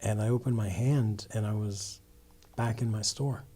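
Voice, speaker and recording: Man, guest in a testimony interview, husky and breathy tone, earnest storytelling. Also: fairly low pitch, steady tone, moderate pace, mellow. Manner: earnest, with frequent restarts and "you know". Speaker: guest telling his conversion story.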